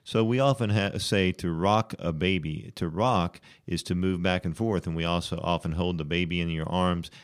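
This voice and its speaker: A man's voice: low-pitched, fairly even intonation, normal speed, hardly any pauses, clear, resonant tone. A male radio host chatting casually between songs and carefully explaining English phrases. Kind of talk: casual radio DJ chat with language teaching.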